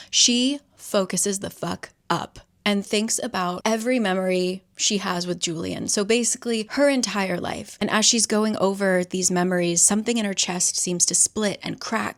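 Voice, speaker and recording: A young woman casually recapping a novel's plot, chatty with profane joking asides. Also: mid-range voice. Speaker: book recap host.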